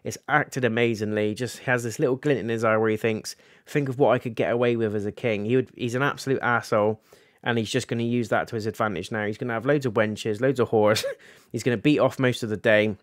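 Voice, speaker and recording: A man chats through a TV episode recap, voicing characters' lines as he goes. His voice sits at an ordinary middle pitch, and the sound is dry and close. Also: fast, dry recording. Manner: animated, recaps scenes and acts out characters' lines. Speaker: TV reviewer. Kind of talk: casual episode review.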